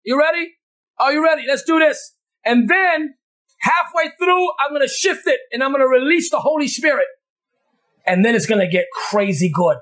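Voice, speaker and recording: A man preaching at a deliverance service, shouting commands and repeating himself emphatically, breaking into tongues. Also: extremely high pitch, animated. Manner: rapid commanding repetition. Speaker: preacher leading a deliverance session. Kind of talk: charismatic sermon.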